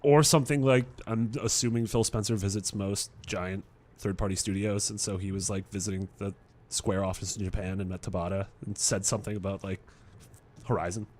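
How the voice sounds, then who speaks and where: A man's voice: lowish voice, a little fast. A man co-hosting a casual gaming podcast, joking around in loose conversation. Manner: jokey, lively. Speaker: podcast co-host.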